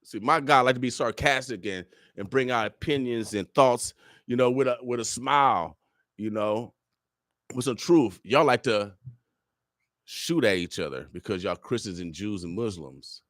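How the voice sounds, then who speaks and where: A man's voice: mid-range voice, moderate pace, a bit bright, dry recording, clean studio sound. A man giving a fiery, preacher-like radio monologue full of repeated phrases. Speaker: radio show guest speaker.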